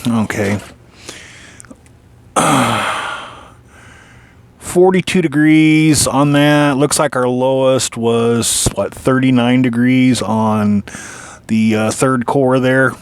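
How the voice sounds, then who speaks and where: A clear, resonant medium-pitched voice speaks very slowly, pausing often, as a man walks through his own PC build despite the hiccups. He's casual and hands-on, rambling with many fillers, restarting lines frequently and swearing mildly here and there.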